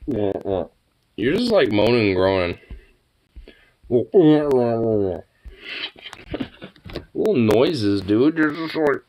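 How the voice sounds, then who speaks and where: A man's voice: medium pitch, very animated, extremely slow, long pauses, a little mellow. A young man vlogging casually, talking to his dog in cooing baby talk and swearing offhandedly.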